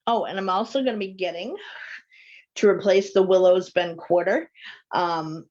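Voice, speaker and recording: A woman's voice: on the low side, moderate pace, darkish tone. Woman hosting a live call-in show, chatty, reads viewer comments out, kinda dull muffled stream audio. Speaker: host.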